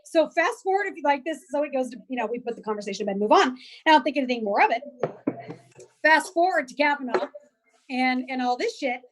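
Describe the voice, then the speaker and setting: A woman guest chatting on a video call, telling stories in an animated way with many restarts and fillers. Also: high-pitched, quick pace, rough recording. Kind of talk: casual chat.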